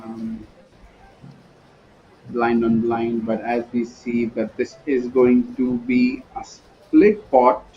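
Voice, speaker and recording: A man doing live poker commentary, reading the board and action while trading light jokes with his co-host. His voice sits at an ordinary pitch. The sound is a little dull and muffled, like broadcast audio. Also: little pitch movement, slow, dark tone, a little hiss or hum. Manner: playful, joking banter between hands. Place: commentary booth at a poker event.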